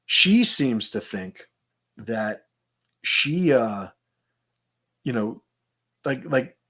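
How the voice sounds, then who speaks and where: A man's voice: medium pitch, animated, drawn-out words, sharp tone, husky. A middle-aged man hosting a casual monologue, rambling in a conversational way with lots of fillers. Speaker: host.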